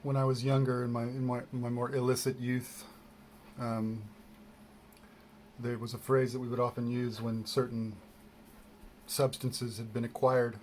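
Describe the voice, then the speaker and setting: A man's voice: medium pitch, flat delivery, unhurried, pauses often, a little mellow, a little hiss or hum. A man rambling casually through an unboxing, self-deprecating and meandering, with many fillers and restarts, recorded on a desk camera mic. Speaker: vlogger.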